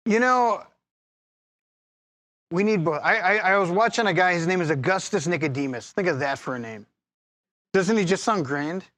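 A man preaching a sermon as pastor, lively and humorous, teasing his congregation and laughing often. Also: high-pitched, moderate pace, long pauses, no echo.

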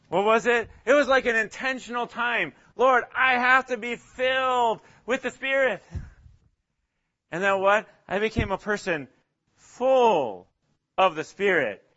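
A man's voice: high-pitched, bright, forceful tone, lo-fi sound. A man leading a casual Bible study, talking hesitantly with frequent chuckles and acting out little quotes. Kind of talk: casual interactive Bible teaching.

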